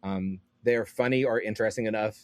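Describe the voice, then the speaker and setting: Fast-talking man, rambling podcast guest. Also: on the low side, no room sound. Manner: rambling, animated, frequent fillers and restarts. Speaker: guest comic book writer. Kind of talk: casual podcast chat.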